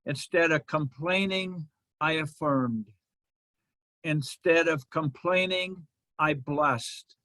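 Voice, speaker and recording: A man delivering a sermon as minister, in a slow, measured preaching manner with pauses. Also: fairly high pitch, pushed and bright, no echo.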